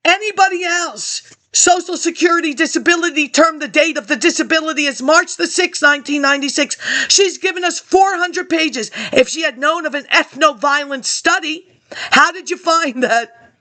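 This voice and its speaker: A woman's voice: sits high, normal speed, sharp tone. A woman ranting about politics to an absent audience, confrontational and accusing, jumping from topic to topic.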